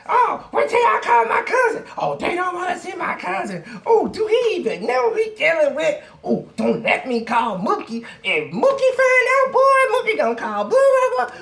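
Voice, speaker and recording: A shrill, whiny young woman yelling threats, her voice soaring way up high and blasting loud, all in a roomy echo, as a male storyteller puts her on. She swings wildly up and down as she complains. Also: big pitch swings, normal speed, vocal fry, few pauses, full character voice. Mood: angry whining.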